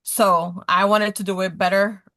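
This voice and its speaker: Woman, 30s, bright clear voice, casual storytelling, animated, mimics dialogue. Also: medium pitch, unhurried. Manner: animated, acts out quoted dialogue, talks with her hands. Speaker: podcast guest.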